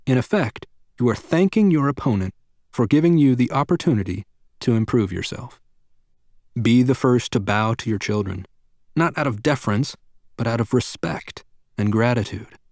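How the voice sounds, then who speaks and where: Lively, earnest man narrating. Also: mid-range voice, no room sound, studio quality. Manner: earnest, measured, addresses the listener directly. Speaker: audiobook narrator of a parenting book. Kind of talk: scripted nonfiction narration.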